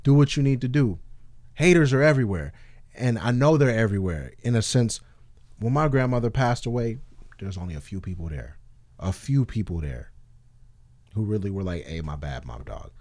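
A man talking as a guest on a casual podcast, telling animated stories full of slang and swearing. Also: mid-range voice, normal speed, long pauses, no room sound. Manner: animated storytelling with acted-out quotes, heavy slang and swearing.

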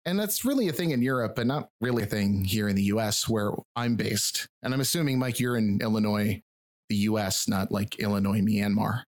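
A man's voice: fairly low pitch, brisk. A man from rural Michigan who drops his final G's and D's, hosting a podcast in wry, swearing, self-mocking casual chat. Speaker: podcast host and researcher.

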